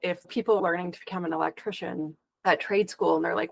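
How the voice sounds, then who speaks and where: A woman guest on a podcast, telling stories with lots of quoted back-and-forth and a frustrated, animated edge. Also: on the low side, quick pace, gravelly, dry recording, low-quality recording. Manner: animated, exasperated storytelling with quoted dialogue. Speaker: podcast guest, security educator. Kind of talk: conversational interview.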